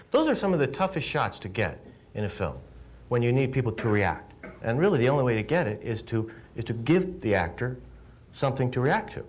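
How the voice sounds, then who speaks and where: Animated middle-aged man telling a story. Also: medium pitch, fairly quick, a little hiss or hum. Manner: animated, emphatic, repeats words. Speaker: film director. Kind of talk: interview answers, storytelling.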